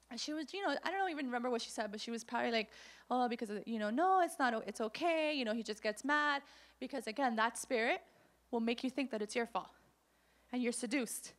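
Woman preacher telling her testimony, slightly high voice, lots of little acted-out quotes. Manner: personal testimony told with quoted voices, animated. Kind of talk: sermon.

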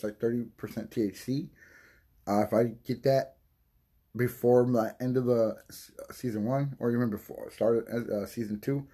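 A man hosting a podcast, rambling and swearing in a casual monologue while high and coughing from smoking. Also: mellow, slightly rough. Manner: rambling, profane, loses his train of thought. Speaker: podcast host.

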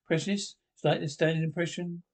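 A man's voice: fairly high pitch, steady tone, fast talker. An actor playing a scornful male pundit who lectures about other people's stupidity.

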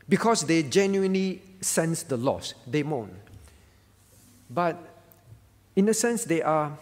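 A man's voice: on the high side, gravelly, a little mellow. A man preaching at a prayer meeting as the pastor, earnest, repeating his phrases and quoting scripture. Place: church hall. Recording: church hall with long reverb.

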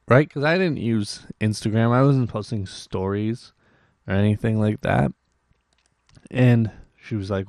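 A man's voice: on the low side, moderate pace, gravelly, a little mellow, dry recording, studio quality. A young Canadian man hosting a podcast, rambling through a casual story with many restarts and acted-out quotes. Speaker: podcast host.

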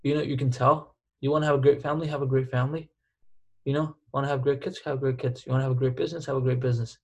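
A man's voice: medium pitch, level tone, rapid-fire, a little mellow, highs cut off. A man co-hosting a podcast in casual chat, emphatic and repetitive, dropping slang like dude and bro. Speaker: podcast co-host.

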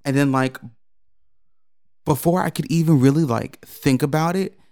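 A man co-hosting a podcast, telling a story in casual chat, animated and profane, jumping into high mocking quotes. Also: normal speed, no room sound, clean studio sound.

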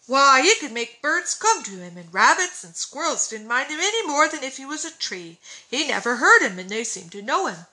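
A woman voicing an eager, shy boy with rough country speech, in a storybook reading. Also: sits high, sing-song, moderate pace, hardly any pauses, sharp tone, voice pushed up, exaggerated voice, low-quality recording. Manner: rustic dropped words, eager.

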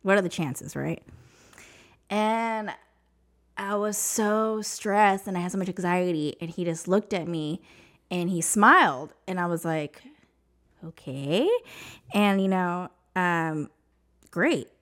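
A woman's voice: on the low side, slow, long pauses, a bit bright. Emotional woman telling her story. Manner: emotional, rambling, many "like" fillers. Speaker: podcast guest. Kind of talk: casual personal storytelling.

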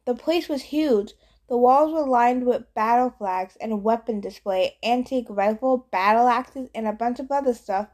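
A woman's voice: a little high, normal speed, a little mellow. Woman reading a first-person novel. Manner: casual first-person storytelling. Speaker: audiobook reader. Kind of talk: scripted narration.

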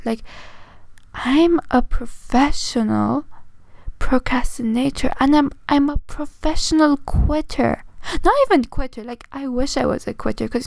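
A woman's voice: high voice, gravelly, darkish tone, no room sound. Tired, self-mocking young woman with an accent. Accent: non-native English. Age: 20s. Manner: rambling, self-mocking, with restarts and frequent "okay?". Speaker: podcast host. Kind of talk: casual solo podcast monologue.

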